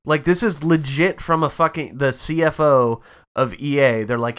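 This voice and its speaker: Profane, animated young man co-host. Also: medium pitch, moderate pace, hardly any pauses, clear, resonant tone. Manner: profane, animated, mocking impressions. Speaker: podcast co-host. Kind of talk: casual chat.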